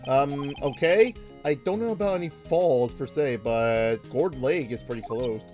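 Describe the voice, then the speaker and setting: A man voicing a weary young male lawyer, speaking low, slow and deadpan. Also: soft background music, close to an everyday voice.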